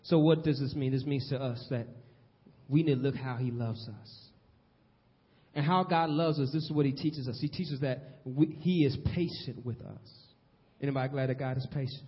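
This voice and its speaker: A man preaching a sermon in a church, swinging between loud and hushed delivery. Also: mid-range voice, normal speed. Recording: long hall reverb, dull lo-fi sound.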